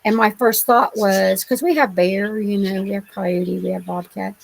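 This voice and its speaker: Gravelly-voiced woman telling her story. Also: medium pitch, steady tone, moderate pace, low-quality recording. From Ohio. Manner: rambling, colloquial, many restarts. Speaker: interview guest. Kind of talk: telling personal encounter stories.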